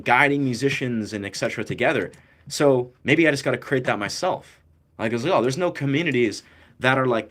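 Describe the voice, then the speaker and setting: A man's voice: medium pitch, a bit bright. A young man, a musician and content creator, talking casually and at length about music and ear training, loose and slangy with lots of fillers.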